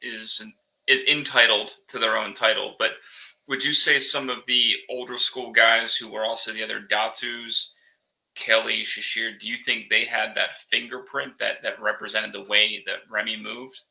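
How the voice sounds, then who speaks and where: A man with a low, gravelly voice that has a very sharp, tense brightness. He asks his questions carefully and in a measured way, as a podcast host interviewing a guest. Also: steady tone, rough recording.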